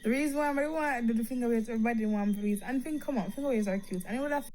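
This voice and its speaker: A woman's voice: on the high side, racing, darkish tone, a little hiss or hum. A woman vlogging while crying, speaking tearfully in patois. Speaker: vlogger in a played clip. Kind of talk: emotional vlog.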